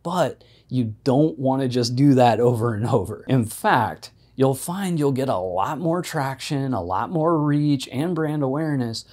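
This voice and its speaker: A man's voice: medium pitch, animated, unhurried, few pauses, darkish tone. A man who is an independent filmmaker, giving practical social media marketing tips straight to camera in a conversational way. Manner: conversational, practical, with casual fillers. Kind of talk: direct-to-camera advice talk.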